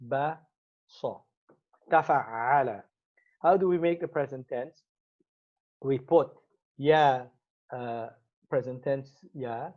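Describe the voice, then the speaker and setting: A man teaching an Arabic grammar lesson, explaining step by step and repeating each Arabic word as he goes. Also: medium pitch. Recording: slightly muffled lo-fi recording.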